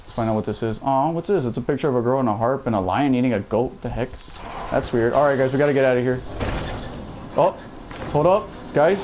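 A young gaming YouTuber talks fairly quickly in a medium-pitched voice, pausing often against a noisy background. Playing a horror game for a let's play, he's jumpy, chattering to viewers and exclaiming at every scare.

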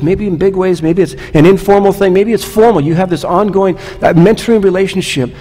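A man's voice: fairly high pitch, warm tone, big-room sound. A man pastor preaching a sermon, conversational, asking the listeners rhetorical questions. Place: church sanctuary.

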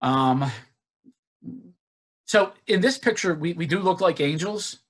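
A man from Northeast Philadelphia giving an earnest personal recovery talk, halting with many restarts and fillers. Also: high voice, lively intonation. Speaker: guest speaker. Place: virtual forum presentation.

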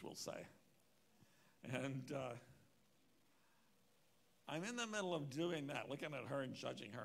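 A man's voice: mid-range voice, gravelly, a bit bright, slight background noise. A man preaching at a church conference, telling a personal story with wry, self-mocking humor. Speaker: conference speaker. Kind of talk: storytelling sermon.

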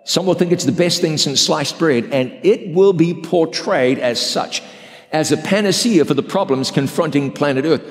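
A man's voice: a little high, moderate pace. A man pastor preaching an emphatic, dramatic sermon and acting out quotes. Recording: reverberant hall.

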